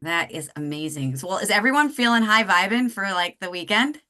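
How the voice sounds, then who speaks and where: A woman's voice: medium pitch, lively intonation, fairly quick, sharp tone. A woman hosting a casual podcast chat, hesitant and searching for her words. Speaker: host.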